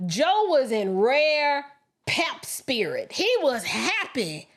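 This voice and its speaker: Animated woman livestream host. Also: sits high, slow. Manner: animated, mimics others in quoted asides; colloquial and emphatic. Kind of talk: political commentary livestream.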